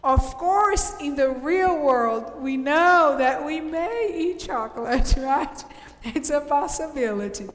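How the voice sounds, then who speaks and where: A woman English teacher from Brazil reviewing a class quiz, explaining slowly and cheering her students on. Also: high-pitched, animated. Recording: echoey room with long reverb.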